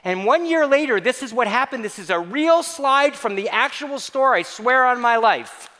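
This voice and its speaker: A man giving a keynote talk to staff, telling a comic story in an animated, playful, mock-outraged way. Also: very high voice, moderate pace. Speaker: keynote speaker. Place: large hall. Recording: long reverb of a large hall.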